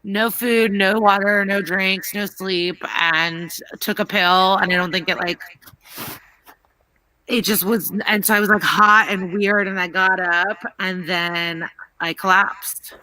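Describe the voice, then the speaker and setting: Bright-voiced woman comedian guest. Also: medium pitch, fairly even intonation, slow, low-quality recording. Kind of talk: casual chat.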